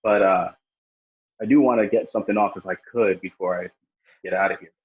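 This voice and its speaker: Guest man, low husky voice, relaxed rambling chat, dull lo-fi mic. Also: a little fast. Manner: laid-back, rambling plugs. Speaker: guest streamer. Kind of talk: casual podcast chat.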